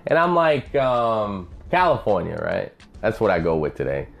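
Swearing animated man on a podcast. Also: on the low side, moderate pace, creaky, lo-fi sound, faint music behind. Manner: profane, rambling storyteller, acts out voices. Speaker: podcast host. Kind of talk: casual profane monologue.

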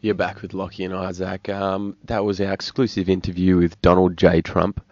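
Low-voiced Australian man on radio. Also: level tone, moderate pace, darkish tone, dry recording, muffled recording, soft background music. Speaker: radio co-host. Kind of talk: casual comedic radio banter.

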